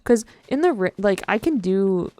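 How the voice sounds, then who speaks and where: A woman's voice: medium pitch, animated, moderate pace, a little mellow, no echo. A young woman live-streaming a game, rambling in casual chat and full of "like" fillers. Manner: rambling, heavy use of "like" fillers; chatty and playful.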